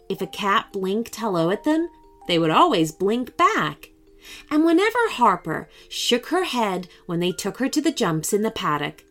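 Slow, expressive woman storyteller. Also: mid-range voice. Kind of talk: children's story narration.

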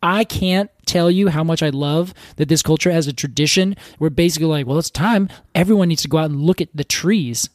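A man's voice: fairly high pitch, fairly quick, hardly any pauses, dry recording, studio quality. A man co-hosting a podcast, telling stories in an enthusiastic, casual way with lots of "like" fillers. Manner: enthusiastic, storytelling, many "like" fillers. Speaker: podcast co-host. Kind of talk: casual chat.

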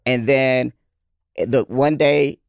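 Gravelly laid-back guest man. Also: medium pitch, steady tone, very slow, dry recording. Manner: laid-back, laughs often, fillers. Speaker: guest comedian. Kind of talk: casual advice chat.

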